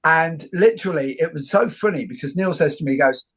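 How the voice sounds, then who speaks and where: A middle-aged man hosting a casual interview, telling jokey, animated stories. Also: on the high side, fairly quick, breathy edge. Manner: joking, animated storyteller. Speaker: host.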